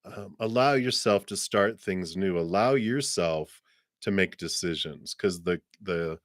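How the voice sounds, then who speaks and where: A man reads tarot cards for viewers on a live stream. His voice sits low, and he talks in a loose, chatty, reflective way, often restarting his sentences. The sound is dry and close to the mic. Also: a little slow, no echo. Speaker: tarot reader.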